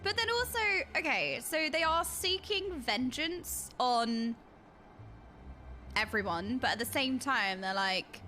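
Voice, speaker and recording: A young woman streaming a game, reacting to the story in an animated, exclaiming way. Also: high voice, slow, soft background music. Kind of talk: casual live game commentary.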